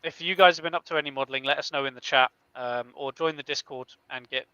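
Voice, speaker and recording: An upbeat man hosts a live stream, laughing easily and talking to his viewers in a bright, crisp voice. He sits fairly high for a man, and the sound is dry and a bit dull, like a modest home mic. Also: steady tone, fast, dry recording. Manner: upbeat, laughs often, addresses the chat. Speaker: host. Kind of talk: casual live-stream chat.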